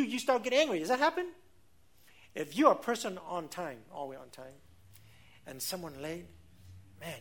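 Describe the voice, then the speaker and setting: A man's voice: high voice, fairly bright tone. A middle-aged man preaching a sermon as pastor, emphatic, asking rhetorical questions, speaking English with non-native grammar.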